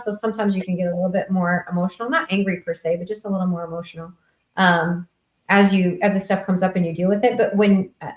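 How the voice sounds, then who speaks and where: A woman's voice: mid-range voice, roomy sound, low-quality recording. A woman coach speaking frankly and casually, answering questions at a group meetup, with casual swearing. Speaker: host and coach.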